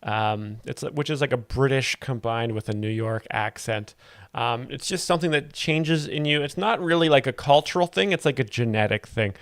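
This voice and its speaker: A man hosting a comedy show, explaining jokes in a deadpan, halting way full of ums. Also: medium pitch, no room sound, studio quality. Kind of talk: deadpan mock commentary.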